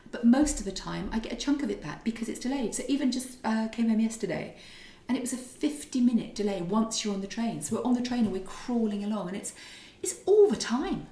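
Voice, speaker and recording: A chatty middle-aged woman tells stories around a kitchen table in a relaxed podcast chat. Her voice carries a gravelly fry, and the room around her is noticeably echoey. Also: a little high, a little fast, few pauses. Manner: chatty, animated storyteller. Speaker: podcast co-host. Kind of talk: casual chat.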